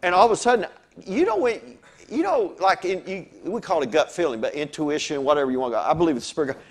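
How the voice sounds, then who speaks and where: A male pastor preaching a lively sermon, telling stories and swinging between soft asides and loud exclamations. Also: on the high side, quick pace.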